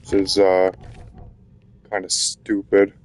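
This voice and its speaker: A man's voice: low-pitched, monotone, takes it slowly, darkish tone. A man giving casual commentary while playing a video game, frustrated, rambling and swearing. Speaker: gaming YouTuber.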